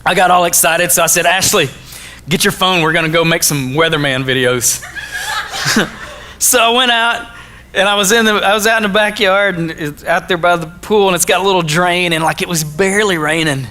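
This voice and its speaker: Animated man telling a story. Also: high-pitched, a little fast, a little hiss or hum. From Arkansas. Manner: animated, jokey, acts out his own quotes. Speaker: motivational speaker. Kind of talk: storytelling talk to a school audience.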